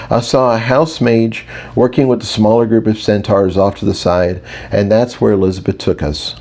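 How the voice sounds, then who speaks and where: A man's voice: fairly low pitch, dark tone. A man narrating a fantasy audiobook in the first person, wry and conversational.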